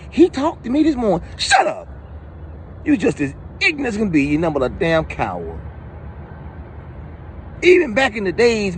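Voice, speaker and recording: A man's voice: sits high, fairly bright tone, slight background noise. A man delivering a heated, profane rant to the camera. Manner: profane, heated ranting monologue. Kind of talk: commentary rant.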